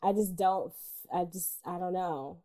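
A woman's voice: fairly low pitch, unhurried, warm tone. A woman co-hosting a film podcast in casual chat, candid and worn out, swearing casually and laughing often. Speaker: podcast co-host.

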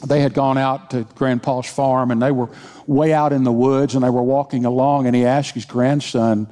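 A man's voice: mid-range voice, flat delivery, normal speed, dark tone. A man preaching a sermon as senior pastor, speaking emphatically with repeated phrases and leading the congregation in call-and-response. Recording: long reverb of a large hall.

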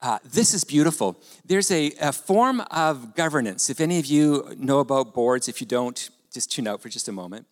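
A man preaching a sermon as pastor, animated and conversational, with rhetorical questions to the congregation. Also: mid-range voice, normal speed, few pauses. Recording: long hall reverb.

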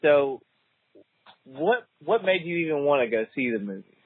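A man's voice: fairly high pitch, moderate pace, husky, dry recording. A man hosting a casual chat, joking around and laughing often. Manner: jokey, laughs a lot, animated. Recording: tinny dry phone-like recording, faint music.

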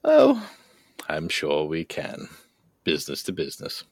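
A sly businessman with a very deep voice, striking deals in an unhurried, knowing manner, as a player voices him. The sound is dry and close. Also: huge pitch swings, vocal fry, dry recording, exaggerated voice. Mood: smooth. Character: smooth, scheming male businessman.

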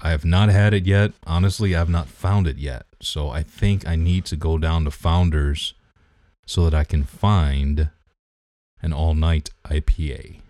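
A man's voice: very deep voice, steady tone, measured pace, mellow, no echo, studio quality. A man co-hosting a podcast in casual chat, teasing and nitpicking about beer. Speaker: podcast co-host.

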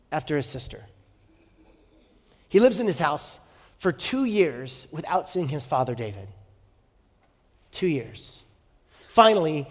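A male pastor preaching a sermon, telling a story with rhetorical questions and dropping from loud to hushed. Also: sits high. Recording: long hall reverb.

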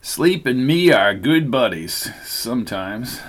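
A narrator playing a laconic truck-driving cowboy in a storybook reading, wary and low-key in how he talks. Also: expressive, slow pace, a bit bright.

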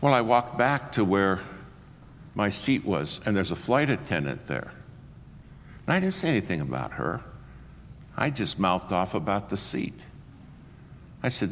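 A preacher with a very low voice tells funny stories on himself. His delivery is punchy and self-mocking. His words ring with a long hall reverb over faint ambient noise. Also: very animated, a little slow, long pauses. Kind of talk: humorous storytelling sermon.

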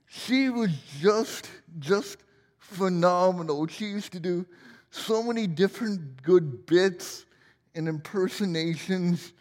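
Man, forties, pastor, playful sermon, high voice, long church-hall reverb. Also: takes it slowly, a little mellow. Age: 40s. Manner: playful, self-deprecating humor.

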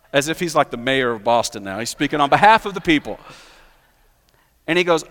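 Man, pastor, sermon, high voice, long hall reverb, storytelling delivery. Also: very animated, normal speed, pauses often, fairly bright tone. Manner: storytelling, builds to emphatic peaks. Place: church sanctuary.

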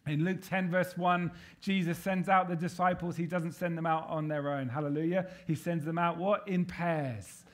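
A man with a high voice delivers a church sermon. He is emphatic and rallying, and he keeps tossing call-and-response questions to the congregation to pull them in. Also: fairly even intonation, moderate pace, few pauses. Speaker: preacher.

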